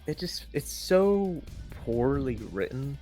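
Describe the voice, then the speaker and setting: A man's voice: medium pitch, expressive, slow, warm tone, faint music behind. A man chatting casually and rambling as he ranks films, with many restarts and fillers. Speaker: co-host ranking films. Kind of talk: casual opinionated chat.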